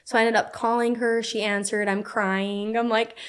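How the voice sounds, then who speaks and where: Chatty young woman with a slightly high voice. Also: normal speed, smooth. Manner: animated, frequent "like" fillers, acts out quotes. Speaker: podcast guest. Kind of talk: casual storytelling.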